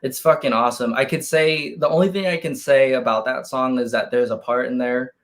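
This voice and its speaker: A man talks about his band's music in an easy, unhurried way, dropping swear words for emphasis. His voice is a plain mid-pitched one. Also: fairly even intonation. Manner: laid-back, swears for emphasis, with many fillers. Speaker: band member guest. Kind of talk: casual interview chat.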